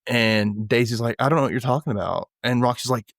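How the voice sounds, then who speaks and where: A man's voice: mid-range voice, brisk, gravelly, few pauses, no echo, studio quality. A man hosting a podcast, casually recapping a TV episode and acting out the characters' lines in little voices. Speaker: podcast host.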